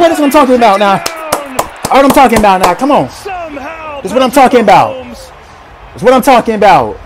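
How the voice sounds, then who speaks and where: A man giving an excited live reaction to football highlights, slangy and repetitive, swinging between nervous mutters and hyped yelling. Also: moderate pace, long pauses. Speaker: fan reacting to game highlights.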